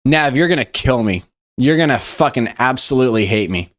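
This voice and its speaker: A man's voice: medium pitch, animated, brisk, a bit bright. A young man hosting a live stream, reacting loosely and profanely to memes, rambling and chatty. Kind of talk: casual live-stream meme review.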